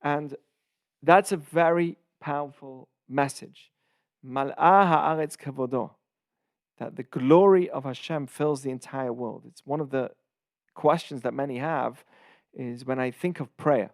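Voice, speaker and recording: A man hosting and teaching a casual Torah lesson, explaining in short phrases with pauses and glossing Hebrew terms as he goes. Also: medium pitch, no room sound, studio quality.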